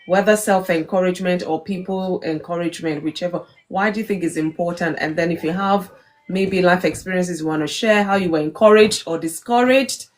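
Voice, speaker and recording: A woman co-hosting a live stream discussion, recapping the topic and asking questions in a measured way. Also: lowish voice. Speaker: co-host of live talk show.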